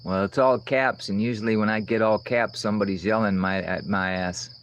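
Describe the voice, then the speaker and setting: A low-voiced man rambles through a casual outdoor livestream, answering chat and swearing freely. Faint insect and cricket noise hums behind him. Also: fairly even intonation, a little fast, low-quality recording. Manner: rambling, profane, talks back to chat comments. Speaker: livestream host reading chat.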